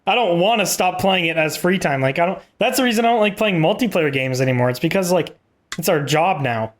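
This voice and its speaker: Young man, podcast co-host, sarcastic, blunt, high voice, lively pitch. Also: fairly quick. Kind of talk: casual chat.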